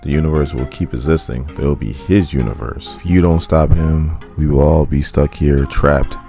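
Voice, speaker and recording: A man's voice: a bass voice, fairly even intonation, normal speed, warm tone, soft background music. A man putting on a smug, grandiose villain scientist. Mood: persuasive. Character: scheming male villain scientist, smug and theatrical.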